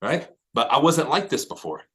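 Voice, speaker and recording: Casting: male real estate coach, mid-pitched, intense, profane, motivational. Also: big pitch swings, moderate pace, a bit bright. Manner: profane, high-energy, emphatic. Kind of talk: motivational talk to agents.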